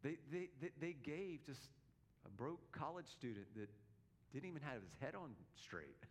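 A man's voice: on the high side, sing-song, normal speed. A male pastor preaching a sermon in an earnest, emphatic way, often repeating his words.

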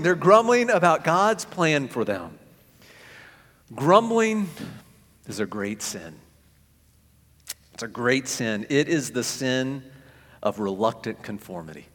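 Animated preacher in an echoing hall. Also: male voice, fairly high pitch, measured pace, long pauses. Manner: animated, repeats phrases for emphasis, acts out quotes. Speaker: pastor. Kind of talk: sermon. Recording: echoey hall with long reverb.

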